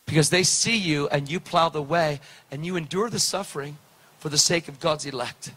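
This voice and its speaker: A man preaching, telling a story with lively, preacherly delivery and acted-out dialogue. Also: a little high, moderate pace, slightly rough. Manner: animated, preacherly, acts out dialogue. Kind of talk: sermon storytelling.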